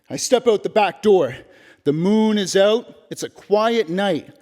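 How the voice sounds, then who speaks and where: High-voiced man telling a dramatic solo story. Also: expressive, slow, darkish tone, in a large hall. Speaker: solo stage performer. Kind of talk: one-man theatrical monologue. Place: theater stage.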